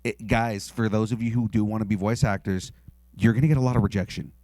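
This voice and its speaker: A man's voice: lowish voice, steady tone, fast, mellow, no room sound. A man hosting a podcast interview, asking questions in a rambling, hesitant way with many fillers. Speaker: podcast host. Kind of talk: casual interview chat. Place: convention interview.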